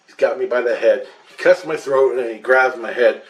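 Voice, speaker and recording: Speaking briskly at medium pitch, a male vlogger tells the story of recalling a past life in an emphatic, casual way. He swears and keeps restarting along the way. The webcam recording has a roomy echo.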